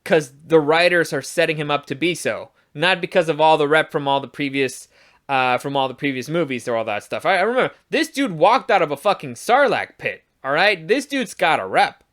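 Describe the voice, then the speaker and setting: A man's voice: a little high, expressive, brisk, fairly bright tone. A man giving a casual, profane review of a show, rambling and restarting as he rants in exasperation. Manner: exasperated, ranting.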